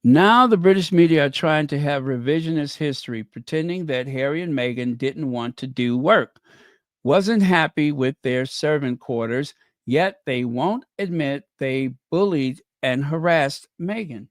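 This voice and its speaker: A man's voice: fairly high pitch, unhurried, no echo, clean studio sound. A man hosting a livestream, reading out viewer comments and giving emphatic commentary that repeats key phrases. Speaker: livestream host.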